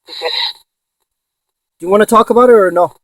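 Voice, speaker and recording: A man in a ghost box session vlog, excitedly calling out to spirits and swearing when he insists to viewers. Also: high-pitched, normal speed, no room sound. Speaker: paranormal investigator.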